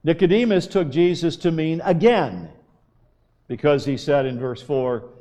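A man preaching a sermon, slow and emphatic, with long pauses. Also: a little high, dark tone. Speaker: pastor.

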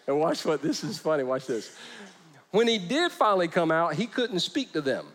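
A man's voice: on the high side, sing-song, normal speed, a little hiss or hum. A man preaching a humorous sermon, joking as he retells scripture. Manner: playful, joking, acts out scripture with voices. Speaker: pastor.

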